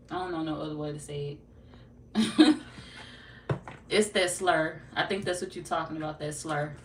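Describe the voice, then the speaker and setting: A young woman with a St. Louis accent, chatting casually with her livestream viewers, loose, profane and joking. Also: fairly low pitch. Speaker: tarot livestream host. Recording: roomy, distant from the mic, light noise.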